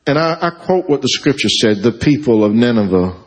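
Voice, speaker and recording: Husky preaching man, lively pitch. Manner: preaching with rising emotional climaxes and drawn-out phrases. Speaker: pastor. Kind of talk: sermon.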